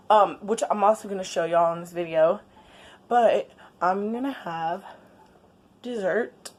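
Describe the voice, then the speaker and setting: A woman, chatting casually in a late-night home vlog, laid-back with quiet asides. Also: mid-range voice, a little hiss or hum. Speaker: vlogger. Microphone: camera on a stand.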